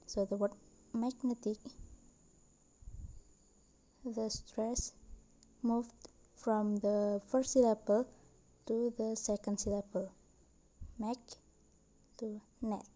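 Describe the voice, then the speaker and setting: A young woman student slowly reading a class presentation with careful, deliberate delivery. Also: mid-range voice, level tone, mellow, muffled recording. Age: young adult.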